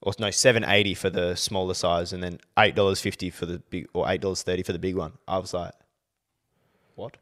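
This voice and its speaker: A man's voice: deep voice, flat delivery, fairly quick, a bit bright. A young man co-hosting a casual podcast chat, blunt and swearing, with mock outrage. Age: young adult. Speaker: podcast co-host.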